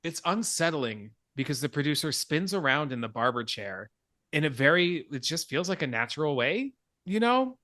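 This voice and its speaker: A man hosting a podcast, recapping a horror film in casual, animated talk, swearing and laughing at himself. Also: on the high side, moderate pace, dry recording, studio quality. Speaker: podcast host.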